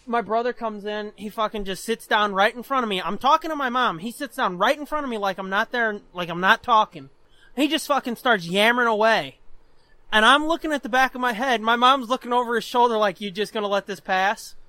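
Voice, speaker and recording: A man co-hosting a podcast, telling crude stories in an animated way and laughing often. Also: very high voice, dry recording. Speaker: podcast co-host. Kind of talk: casual chat, storytelling.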